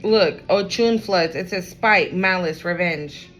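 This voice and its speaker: A woman's voice: on the low side, slow pace, a bit bright, soft background music, rough recording. A woman giving a casual tarot reading at home, talking in a chatty, slangy way full of fillers. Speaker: tarot reader.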